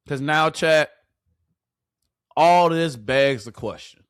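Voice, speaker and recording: A man's voice: a little high, slow pace, pauses often, smooth, no echo, studio quality. A man ranting to his live chat as a sports commentator, repeating rhetorical questions in exasperation.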